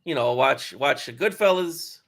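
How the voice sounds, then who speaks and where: A man co-hosting a podcast in casual chat, dropping wry, deadpan quips. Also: mid-range voice, unhurried, creaky.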